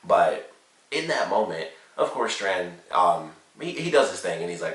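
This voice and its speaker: A man with a very low voice talks through a TV episode in a loose, rambling way, leaning on fillers as he goes. He sits back from the microphone, and the room around him echoes noticeably. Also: very animated, a little slow, a bit bright, recorded from a distance. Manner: rambling, lots of "like" and "you know" fillers. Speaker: TV show reviewer. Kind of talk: casual episode recap and review. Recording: roomy echo, set back from the mic.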